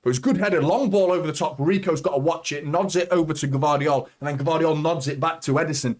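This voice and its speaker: A man hosting a live football watchalong, commentating as a fan and swearing a lot as he swings from nervous muttering to shouting. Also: on the high side, steady tone, quick pace.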